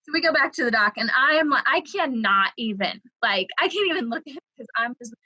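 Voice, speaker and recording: A young woman from the South tells a personal story in a loose, chatty way, peppering it with "like" and breaking into laughter. Her voice sits a little high and sounds bright and forward. The recording is close and dry, with no room sound. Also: expressive, brisk, slightly rough, dry recording, lo-fi sound. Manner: chatty, lots of "like", laughs while telling. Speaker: creative writing coordinator. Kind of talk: casual storytelling.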